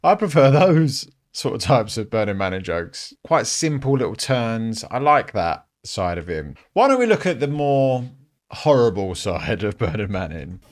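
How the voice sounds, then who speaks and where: A man's voice: medium pitch, big pitch swings, a little slow. A man hosting a casual commentary show, chatty and frank, swearing freely and laughing often. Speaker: podcast host.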